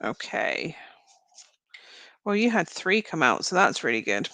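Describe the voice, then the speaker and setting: A woman's voice: lowish voice, very animated, unhurried, pushed and bright, dry recording. A woman giving live-streamed tarot card readings, talking straight to viewers in a chatty, meandering, reassuring way as she thinks aloud. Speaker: tarot reader.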